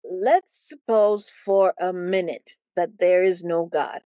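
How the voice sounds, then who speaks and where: A woman's voice: fairly low pitch, steady tone, slow, warm tone, dry recording. A woman teaching a Bible lesson as playful, theatrical storytelling, often repeating words for effect.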